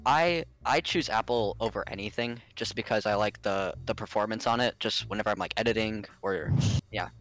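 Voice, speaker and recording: A man co-hosting a casual online podcast, speaking haltingly with fillers and restarts. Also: on the low side, fairly bright tone, low-quality recording. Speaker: podcast co-host. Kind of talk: casual group chat over a call.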